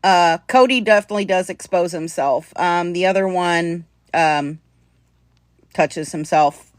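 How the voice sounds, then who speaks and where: A woman's voice: fairly low pitch, measured pace, no room sound, studio quality. A woman hosting a live stream, talking earnestly and conversationally and thanking her viewers. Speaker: livestream host.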